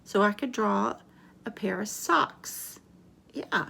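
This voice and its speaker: A woman's voice: mid-range voice, vocal fry, sharp tone, husky. A woman teacher giving a remote lesson to young children, patiently spelling out letters and prompting them with questions. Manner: slow, patient, sing-song prompting, spelling letters aloud.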